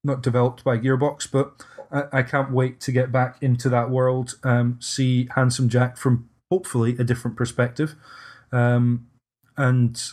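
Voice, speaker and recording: A man's voice: mid-range voice, level tone, moderate pace, darkish tone. A man hosting a casual podcast discussion, hesitant and often restarting his sentences. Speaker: podcast host.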